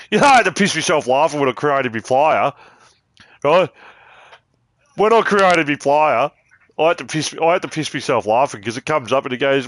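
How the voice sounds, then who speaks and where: A man rambles through casual gaming commentary, cheeky and constantly swearing. His voice sits a little high for a man. The sound is dry and close, with no room around it. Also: fairly bright tone, no echo.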